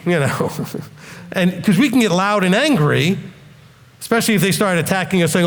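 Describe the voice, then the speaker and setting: A man with a fairly high voice teaches an audience in a Q&A. His pitch swings widely as he explains things patiently, checking in with "okay?" The sound carries a long hall reverb. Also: animated, normal speed. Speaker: teacher answering questions.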